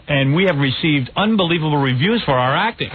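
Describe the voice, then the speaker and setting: A man's voice: on the high side, lively intonation, brisk, slight background noise. A man hosting a radio show, joking loosely and wisecracking. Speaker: radio host. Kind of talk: comedic radio banter. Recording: tinny phone-like radio audio.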